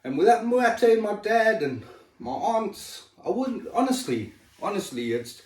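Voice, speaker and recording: A man speaking in a raw, emotional way, swearing freely as he tells his story. His voice sits a touch high and swings widely in pitch. He sounds distant from the mic, in a room with plenty of echo. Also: very animated, unhurried, a little mellow. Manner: raw, emotional and swearing, with sudden drops in level. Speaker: person sharing his health story. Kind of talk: emotional personal chat. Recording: echoey room, voice set back from the mic.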